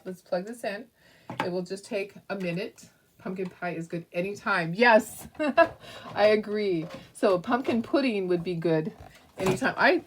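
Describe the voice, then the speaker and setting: A woman's voice: medium pitch, a little hiss or hum. Bubbly lady doing a craft tutorial at home, giggles a lot, mic kinda far off. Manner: chatty and giggly, talks to viewers. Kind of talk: casual craft demonstration.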